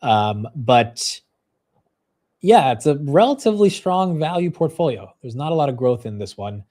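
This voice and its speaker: A man's voice: medium pitch, sing-song, darkish tone. Casual young male market streamer. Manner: self-deprecating, quick-shifting, laughs at himself. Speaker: host of a live stock market show.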